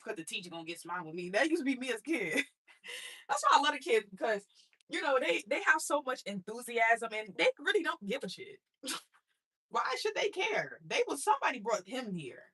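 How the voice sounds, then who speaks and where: Bright, husky woman speaking candidly. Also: sits high, sing-song, moderate pace. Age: adult mother. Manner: blunt, streetwise, addresses listeners as y'all. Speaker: speaker sharing her life story. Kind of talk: motivational personal talk.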